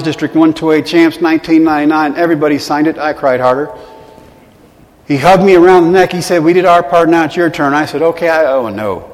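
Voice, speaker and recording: A man telling a personal story to a live audience, earnest and self-deprecating, dropping quiet at the emotional moments. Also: on the high side. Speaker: motivational speaker. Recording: long hall reverb.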